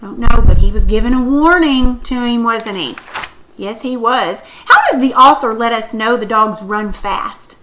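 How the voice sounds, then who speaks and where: A woman's voice: a little high, a little slow, fairly bright tone, a little hiss or hum, poor audio. A woman teacher reading a story aloud and then asking questions about it patiently.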